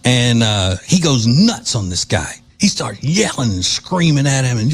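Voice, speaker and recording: A man's voice: medium pitch, animated, brisk, hardly any pauses, breathy edge. A male podcast host with a mid-range voice riffs in casual, opinionated commentary. He mocks and digresses freely, with sarcasm running through his delivery.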